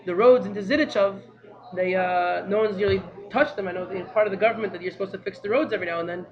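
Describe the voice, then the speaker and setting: Guy telling it as a humble old rebbe asking politely, halting, quick, bit muffled recording. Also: sits high. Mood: humbly pleading. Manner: hesitant, polite, halting requests. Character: humble elderly male Hasidic rebbe, pleading.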